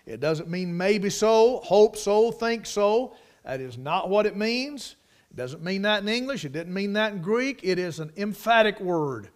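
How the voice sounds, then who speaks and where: A man's voice: sits high, expressive, unhurried. A man preaching a sermon, emphatic, repeating key words for stress.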